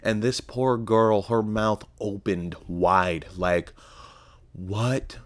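A man's voice: lowish voice, takes it slowly, dry recording. Profane, rambling young man podcasting. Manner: profane, rambling, sarcastic asides. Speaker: podcast host. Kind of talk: casual solo podcast rant.

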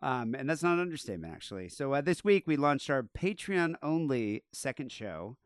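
A man's voice: medium pitch, sing-song, normal speed, clean tone, no room sound, studio quality. A man hosting a podcast in casual chat, with crude jokes and an offhand way of talking. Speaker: podcast host.

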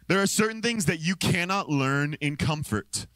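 Pastor guy telling a story in a sermon, slightly high voice, super dry close sound, goes from low deadpan to excited yelps. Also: normal speed, no room sound. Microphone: handheld or stand microphone.

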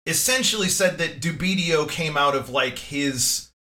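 A man's voice: fairly high pitch, expressive, a little slow, sharp tone. A man hosting a podcast over a video call, talking eagerly in casual chat and often restarting his sentences. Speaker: podcast host.

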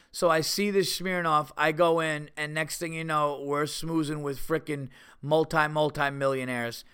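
A man's voice: mid-range voice, clear, resonant tone. A man from New York hosting a podcast, telling a story casually and acting out the voices of people in it. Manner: animated, acts out voices in quotes. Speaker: podcast host.

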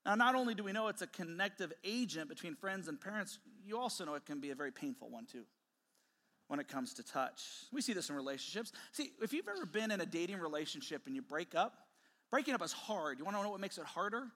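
A man preaching a sermon to a congregation, lively and joking, often laughing. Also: high-pitched, fast talker. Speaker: pastor. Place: church hall with a congregation. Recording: reverberant church hall.

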